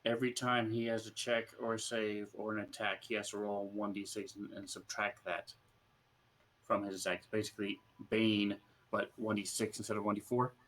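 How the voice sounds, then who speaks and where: A man with a fairly low voice talks through a spell's rules as a player in a tabletop game. His explanation is plain and a little halting. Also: a bit bright. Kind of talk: casual game talk.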